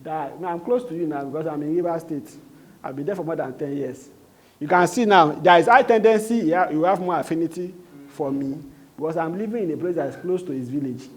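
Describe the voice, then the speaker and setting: A man's voice: fairly high pitch, a little fast. Nigerian man coaching a sales team. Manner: quizzes the room, repeats points, slips into Pidgin. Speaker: sales trainer. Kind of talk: live training talk to a group.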